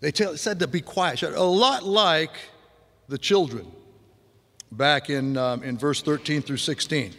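A pastor with a slightly high voice and fairly bright tone preaches at a measured pace, and the recording carries long hall reverb. Having grown up on a farm, he speaks conversationally and loosely, restarting often and vividly mimicking sounds.

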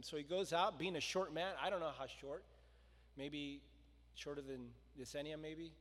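A man preaching a sermon, telling the story with lively voices for the crowd and stopping to ask his listeners questions. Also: on the high side, moderate pace. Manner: animated storytelling, acting out the crowd and quotes. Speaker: pastor. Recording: long reverb of a large hall.

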